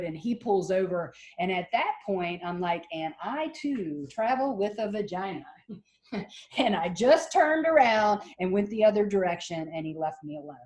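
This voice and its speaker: Animated woman lecturing to a class. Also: on the low side. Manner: animated, acts out quoted voices. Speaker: college lecturer.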